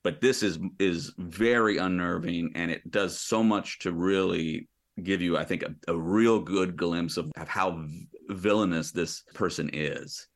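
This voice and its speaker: Low-voiced man rambling about films. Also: a little slow. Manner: rambling, with frequent restarts and laughs. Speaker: podcast co-host. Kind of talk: casual chat.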